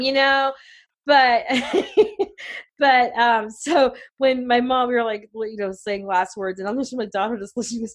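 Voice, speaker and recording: Middle-aged woman, casual storyteller, rambling and animated, lots of "you know". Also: fairly high pitch, moderate pace. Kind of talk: casual chat.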